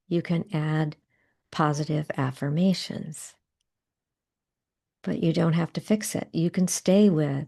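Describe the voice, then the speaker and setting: A middle-aged woman leads a guided tapping session as a coach, speaking gently and without hurry. Her voice sits fairly low with a gravelly, fry-tinged edge and a mellow, dark tone. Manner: gentle, unhurried guidance with soft pauses.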